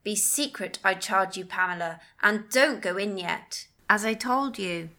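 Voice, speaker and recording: Casting note: an overbearing gentleman master, commanding and hasty, read by a woman in a slow, bright voice. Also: mid-range voice, animated. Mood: irritated. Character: overbearing gentleman master, adult man, impatient.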